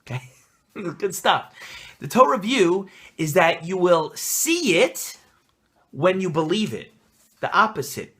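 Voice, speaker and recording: A young male rabbi records an answer on his phone, talking fast-thinking and excited, full of encouragement. His voice sits a little high and rings with a bright, forward edge. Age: young adult. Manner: energetic, enthusiastic and pep-talking. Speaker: rabbi and life coach. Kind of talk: casual self-recorded video answer. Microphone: phone camera.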